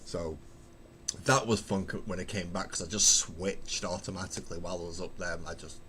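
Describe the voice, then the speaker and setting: A man's voice: sits low, fairly even intonation, a little fast, sharp tone, slight background noise. A man from Manchester with a Mancunian accent, chatting casually on a miniature painting livestream, swearing freely and laughing at himself. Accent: Mancunian English. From Manchester, England. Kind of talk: casual live-stream chat. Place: home hobby room. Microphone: desk mic at a webcam stream.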